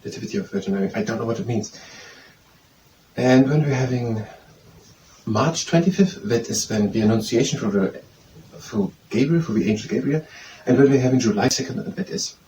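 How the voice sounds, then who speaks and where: Warm and mid-range, this man's voice moves a little fast as he thinks aloud over his studies. He's memorizing by quizzing himself, with repetitive phrasing and hesitant restarts, and a distant mic catches faint noise in the background.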